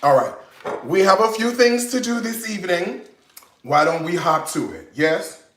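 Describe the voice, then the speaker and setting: Guy cooking at home, chatty and jokey, voice bounces all over, kinda high, echoey kitchen. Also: lively intonation, moderate pace, fairly bright tone. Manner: playful, chatty, teasing asides. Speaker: cooking show host. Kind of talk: casual cooking demo with jokes.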